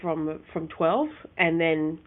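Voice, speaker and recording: A woman, co-hosting a casual chat and telling her stories in an animated way, often restarting her sentences. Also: low voice, takes it slowly. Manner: animated storytelling with many restarts. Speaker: co-host. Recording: phone-like narrow sound.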